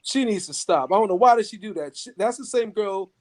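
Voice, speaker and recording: Man, high-pitched, profane, excitable, laughing, casual podcast banter. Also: a little fast. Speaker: podcast co-host.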